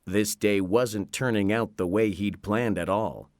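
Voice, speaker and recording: A man reading a children's story aloud in a slow, expressive narration. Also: lowish voice, dry recording, clean studio sound. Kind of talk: scripted narration.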